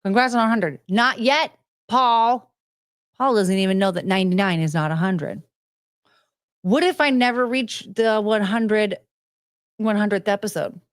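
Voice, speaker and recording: A woman's voice: medium pitch, a little slow, pauses often. A woman hosting a casual livestream, chatty and self-mocking as she answers her chat. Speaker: livestream host.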